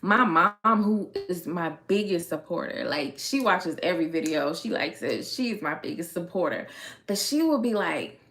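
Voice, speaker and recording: A woman's voice: lowish voice, animated, moderate pace, a bit bright. A young woman with a Miami accent, a hair care creator telling a story time in a chatty, slangy way with frequent laughs.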